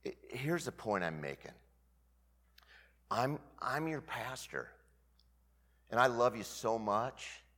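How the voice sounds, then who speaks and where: Animated fifties pastor in echoing hall. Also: male voice, mid-range voice, takes it slowly, long pauses. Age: 50s. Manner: animated, swings between loud bursts and hushed asides. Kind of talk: storytelling sermon.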